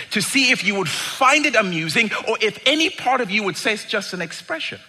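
A middle-aged man preaching a sermon, dramatic and emphatic, moving between quiet asides and loud bursts. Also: sits high, expressive, a little fast, few pauses. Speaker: pastor.

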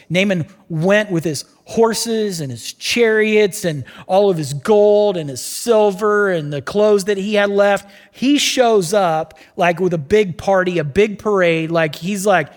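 Guy preaching in a big echoey hall, kinda high voice, acts out the characters. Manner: animated storytelling, acts out voices. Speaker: pastor. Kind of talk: casual sermon.

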